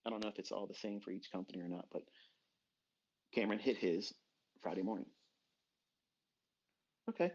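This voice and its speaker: A middle-aged man giving a blunt, profane motivational rant as a trading mentor, dropping to low murmurs and then bursting out loud. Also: moderate pace, pauses often, husky. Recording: dull lo-fi recording.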